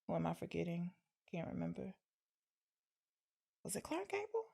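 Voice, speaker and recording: A woman's voice: fairly low pitch, very animated, normal speed, creaky, dark tone, breathy edge. A woman co-hosting a podcast, chatting casually about an old film, explaining the segments and arguing playfully. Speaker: podcast co-host. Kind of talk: casual film-review chat.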